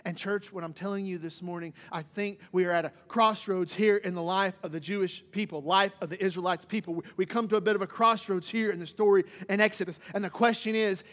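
Pastor guy preaching, really high voice, lively, acts out bits of the story, long church echo. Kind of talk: sermon. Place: church sanctuary.

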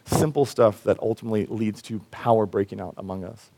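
A man, a pastor, preaching a sermon in a casual, animated way and acting out Bible figures in everyday voices. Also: fairly low pitch, fairly quick, gravelly.

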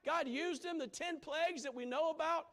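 High-voiced man preaching a sermon. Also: moderate pace, a bit bright. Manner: repetitive call-and-response cadence, chuckles often.

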